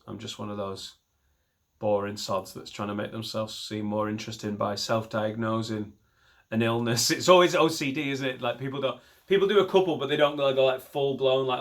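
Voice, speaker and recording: A man's voice: mid-range voice, a bit bright. A man doing a rambling, self-deprecating and sweary stand-up set from his home garage into a laptop mic. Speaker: stand-up comedian.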